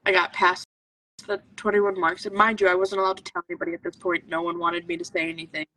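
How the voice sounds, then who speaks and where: A woman's voice: fairly low pitch, flat delivery, quick pace, sharp tone, a little hiss or hum. A woman guest telling her personal story in an earnest, intense way, often voicing her own thoughts. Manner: earnest, intense, full of self-talk. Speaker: podcast guest, medical intuitive. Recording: voice from a distance to the mic.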